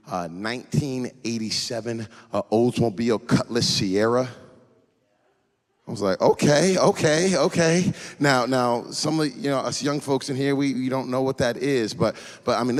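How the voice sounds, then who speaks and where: A man preaching a sermon as a pastor, telling personal stories with animated delivery and frequent repeated starts. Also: medium pitch. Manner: animated storytelling with many restarts.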